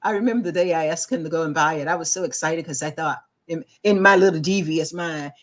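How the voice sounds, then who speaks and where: Middle-aged woman telling a lively personal story. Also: low voice, quick pace. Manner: animated storyteller, acts out quoted voices, restarts often. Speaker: talk show co-host. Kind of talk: casual chat, personal storytelling.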